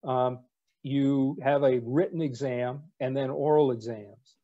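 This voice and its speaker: Older man in his 60s, retired naval officer, warm mellow voice, wry relaxed storytelling, slightly dull lo-fi sound. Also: mid-range voice, measured pace. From United States. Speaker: guest speaker, retired navy captain. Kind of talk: anecdotal storytelling talk.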